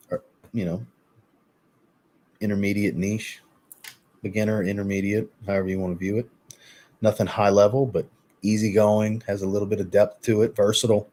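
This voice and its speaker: Low-voiced man chatting on a live stream. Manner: relaxed, chatty, answers live chat. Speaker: fragrance reviewer hosting a live stream. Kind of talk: casual live-stream chat.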